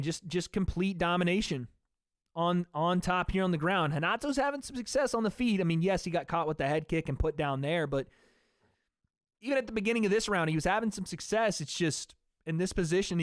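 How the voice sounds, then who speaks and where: A man's voice: high-pitched, dry recording, studio quality. A young man hosting a fight watch party stream, giving casual live commentary in a loose, slangy way and talking back to his chat.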